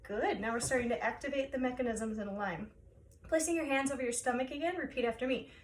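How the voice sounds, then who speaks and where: A woman choir director guiding singers through breathing and vocal warm-up exercises, encouraging them step by step. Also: on the high side, fast, distant mic, slight background noise.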